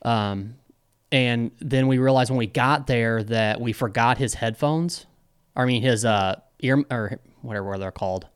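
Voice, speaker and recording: Smooth-voiced young man rambling in podcast chat. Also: medium pitch, measured pace, no echo, studio quality. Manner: rambling, many fillers and restarts. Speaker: podcast co-host. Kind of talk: casual chat.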